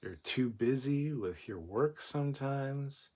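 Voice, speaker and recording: A man's voice: mid-range voice, lively intonation, slow pace, mellow, husky. A man hosting a livestream, chatting casually and joking as he reads viewer comments aloud. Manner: joking, chatty, rambling with restarts. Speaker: livestream host.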